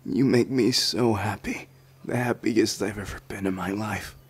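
A man voicing a shy, anxious young man in a whispered role-play, speaking softly and hesitantly. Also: on the low side, fairly even intonation, measured pace, breathy edge. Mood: tender, insecure. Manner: soft, hesitant, flustered stammering. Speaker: ASMR roleplayer.

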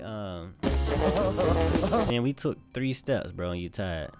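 A young man giving casual let's-play commentary, bantering loudly with slang and swearing as he plays. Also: lowish voice, big pitch swings, takes it slowly. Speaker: gamer commentator. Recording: game music behind.

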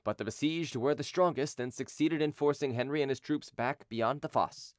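A man narrates an audiobook in a steady, measured voice. His pitch sits in the middle range. The recording is dry and close to the mic. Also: no echo. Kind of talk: scripted narration.

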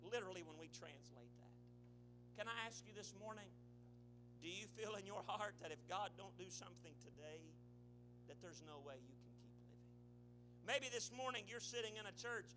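A male pastor preaching a sermon, swelling into shouts and then dropping to a low, quiet delivery. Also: moderate pace, over music.

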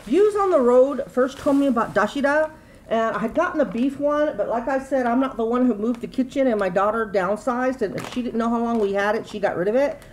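A woman's voice: fairly high pitch, a little fast, slight background noise, low-quality recording. A middle-aged woman, chatting casually and rambling through a grocery haul at home. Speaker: YouTube vlogger.

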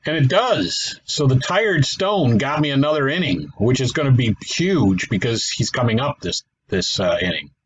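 A man's voice: medium pitch, lively intonation, moderate pace, hardly any pauses, husky, low-quality recording. A man giving casual play-by-play commentary on a simulated baseball game, thinking aloud, correcting himself and adding wry asides. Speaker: gaming channel host.

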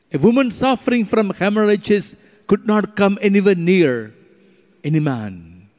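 A middle-aged man, a priest, preaching slowly and emphatically during Eucharistic adoration, with long pauses between phrases. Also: on the high side, darkish tone. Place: church or retreat chapel. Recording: long hall reverb.

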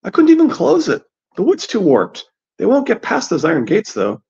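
Man voicing practical young girl, high raised pitch, husky underneath. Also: huge pitch swings, moderate pace, darkish tone, full character voice. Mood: wary. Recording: dull lo-fi recording.

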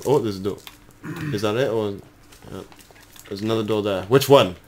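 A young Welsh man playing a horror game with friends, excitable, swearing and laughing often in casual chat. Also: on the low side, normal speed, slight background noise. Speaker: gaming host playing the game. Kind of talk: casual let's-play chat.

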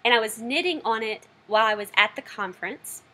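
A woman's voice: a little high, expressive, a little fast, bright, forceful tone. Lady rambling friendly on her home podcast, talking to the camera. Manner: chatty, friendly, self-deprecating. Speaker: knitting podcast host. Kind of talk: casual video podcast chat.

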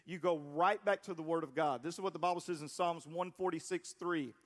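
A man preaching a sermon to his congregation in an animated, conversational way, leading the crowd in call-and-response. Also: on the high side, a little fast. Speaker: pastor. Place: church auditorium before a congregation.

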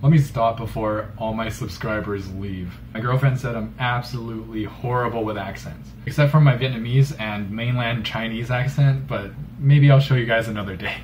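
A man's voice: medium pitch, moderate pace, hardly any pauses, a little hiss or hum. A young man hosting a fish tank review vlog, talking casually with a playful, teasing, mock-indignant manner. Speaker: channel host reviewing fish tanks. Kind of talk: casual joking commentary. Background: guitar music.

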